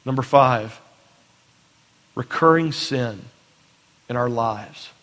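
A man's voice: mid-range voice, slow, fairly bright tone. A pastor preaching a sermon in an earnest way, often repeating words as he starts a phrase. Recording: long hall reverb.

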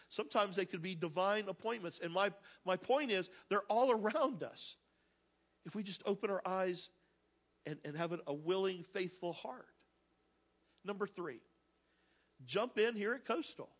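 A male pastor giving a sermon to his congregation, energetic and joking, talking straight to the people in the pews. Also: sits high, moderate pace. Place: church sanctuary with congregation.

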